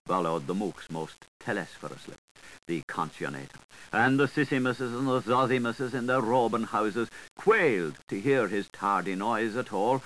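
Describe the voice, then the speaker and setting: A man's voice: mid-range voice, a bit bright, a little hiss or hum, low-quality recording. A man giving a literary reading, delivering dense wordplay with theatrical, sing-song intonation. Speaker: reader.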